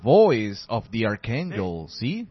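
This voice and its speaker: A man preaching a sermon slowly and emphatically, repeating key phrases. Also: fairly low pitch, sing-song. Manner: slow emphatic preaching with repetition. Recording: dull lo-fi sermon recording.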